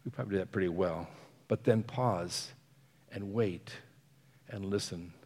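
A man's voice: low voice, unhurried, darkish tone, in a large hall. A man preaching a sermon, earnest, often letting phrases fall to a near whisper and chuckling between points.

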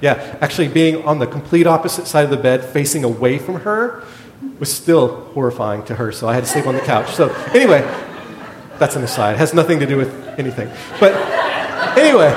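Animated storytelling pastor in an echoey hall. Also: male voice, fairly quick. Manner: animated storyteller, acts out other people's lines. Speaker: pastor, former hospital chaplain. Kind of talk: sermon storytelling. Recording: echoey hall with a faint rumble.

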